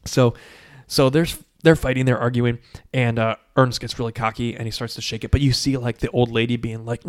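Talking a little fast in a medium pitch, a podcast co-host casually walks through a movie's plot. He's animated and full of fillers like "like," occasionally putting on voices to act out what characters say.

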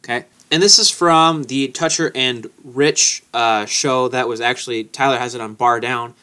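A man's voice: mid-range voice, steady tone, moderate pace, sharp tone, smooth. A young man co-hosting a casual sports podcast, joking and easily fired up. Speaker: podcast co-host.

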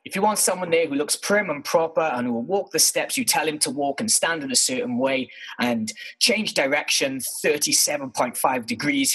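A man with a husky, slightly rough voice, telling stories about his past in a casual, animated way. His pitch swings up and down a lot as he mocks himself and throws in the odd swear word. He talks from his bedroom like a podcast co-host chatting on air. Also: low-quality recording. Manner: animated, self-mocking, swears freely. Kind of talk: casual storytelling monologue.

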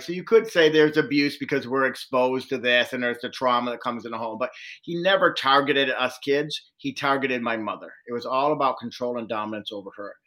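A man telling a long personal story in an interview, earnestly acting out the voices of people he met. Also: medium pitch. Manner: earnest, animated retelling with quoted dialogue. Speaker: social worker and domestic violence trainer.

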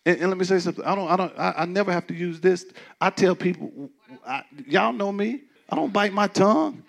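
A man preaching a sermon as pastor, talking to the congregation in a conversational way with many restarts, dropping to quiet asides and rising to loud, emphatic declarations. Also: high-pitched, fairly quick, creaky. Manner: frequent stammering restarts.

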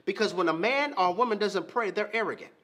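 A man delivers a sermon with a high, bright, cutting tone and a husky edge. His pitch swings widely as he presses his points, repeats key lines and calls out to the congregation. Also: expressive, fast talker. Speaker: pastor. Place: church.

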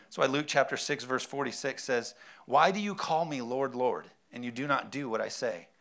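A man's voice: medium pitch, normal speed, gravelly, a bit bright. A man preaching a sermon, emphatic, with rhetorical questions and frequent amens. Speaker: pastor.

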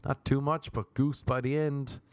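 A man's voice: mid-range voice, little pitch movement, unhurried, no room sound. Rambling Irish man, podcast host. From Ireland. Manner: rambling, crude, storytelling. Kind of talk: casual monologue.

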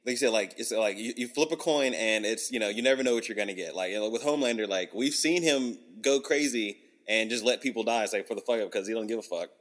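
A man's voice: on the low side, fast talker, hardly any pauses, big-room sound. A man, talking loosely with lots of slang and swearing as a podcast co-host. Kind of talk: casual chat.

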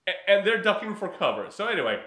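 A high-voiced man chatting casually, telling a story with lively impressions and frequent laughter. His voice rings in an echoey room. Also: quick pace. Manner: animated storytelling, mimics characters, laughs often. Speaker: podcast co-host reviewing a movie. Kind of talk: casual chat.

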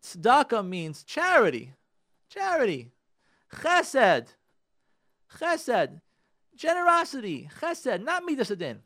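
A middle-aged man gives an inspirational religious talk as a radio host. He is emphatic, repeats his points and speaks directly to his listeners, and his pitch swings widely. The sound is dry and close. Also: wildly swooping pitch, slow, pauses often, pushed and bright, no echo.

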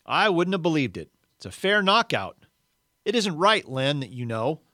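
A man's voice: fairly high pitch, big pitch swings, moderate pace, dry recording, voice pushed up. A blustering ghost of a middle-aged man rants in a raised, strained voice, sure he has been wronged, as a man reads him aloud. It is a storybook reading with a dry, close sound. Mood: indignant. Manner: aggrieved, self-righteous, loud.

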